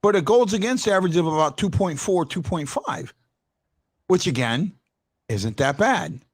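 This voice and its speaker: Emphatic, stammering sports-talk host. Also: male voice, high-pitched, lively intonation, normal speed. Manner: stammering restarts, emphatic when arguing a point. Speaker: postgame show host.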